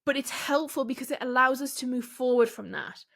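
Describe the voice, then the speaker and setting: A woman hosting a solo business podcast, coaching listeners in a direct, candid way with rhetorical questions and quick laughs. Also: high-pitched, gravelly, a bit bright.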